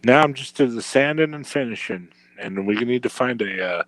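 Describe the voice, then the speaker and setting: A man's voice: mid-range voice, expressive, normal speed, a bit bright, no echo. A man chatting as a guest on a live stream, making dry, grumbling remarks. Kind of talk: casual chat.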